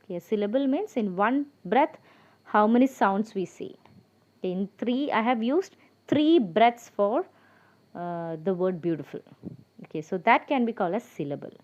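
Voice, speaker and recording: A woman's voice: mid-range voice, expressive, normal speed, darkish tone, highs cut off. Woman teacher spelling out words patiently. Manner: patient, spells out words letter by letter, many fillers. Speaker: English teacher. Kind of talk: explaining grammar lesson.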